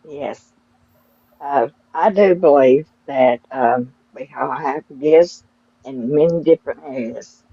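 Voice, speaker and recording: Female panelist, Southern accent, folksy and very slow, dull lo-fi dry audio. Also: extremely low pitch, husky, dry recording. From Tennessee. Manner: friendly, folksy, unhurried. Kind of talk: live audio panel talk.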